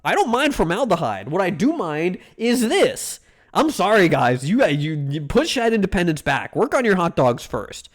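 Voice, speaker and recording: A man's voice: high-pitched, sing-song, normal speed. A young man streaming, reacting to food with casual, mock-outraged rants and plenty of swearing.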